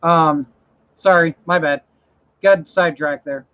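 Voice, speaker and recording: High-voiced man chatting on a lo-fi stream. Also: fairly even intonation, unhurried, fairly bright tone, clear, resonant tone. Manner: rambling, reads viewer comments, self-correcting. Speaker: livestream host. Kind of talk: casual livestream chat. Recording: dull lo-fi stream audio.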